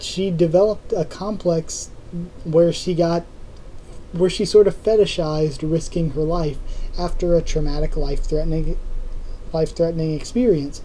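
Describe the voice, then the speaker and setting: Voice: mid-range voice, warm tone, a little hiss or hum, low-quality recording. A young adult YouTube host chatting casually through viewer comments, rambling with many ums and self-corrections. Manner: rambling, full of ums and restarts.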